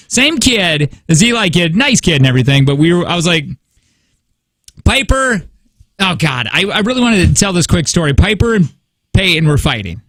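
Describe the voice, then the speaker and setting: High, lively man telling a story. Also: moderate pace, no echo, clean studio sound. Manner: animated storytelling, acting out his kids and neighbors in raised voices. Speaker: radio show co-host. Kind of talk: casual morning radio banter. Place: radio studio. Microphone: studio microphone.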